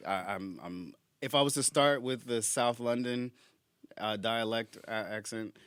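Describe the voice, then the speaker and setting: Bright-voiced man bantering on a comedy podcast. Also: mid-range voice, measured pace, clean tone, dry recording, clean studio sound. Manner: loose, crude and self-mocking banter. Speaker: comedian guest. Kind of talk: casual comedy podcast chat.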